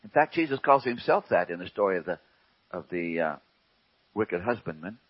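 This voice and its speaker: Husky-voiced preacher with a lively delivery. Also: male voice, low voice. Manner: slow and emphatic, drops to a hush, asks rhetorical questions. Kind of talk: sermon. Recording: dull lo-fi recording.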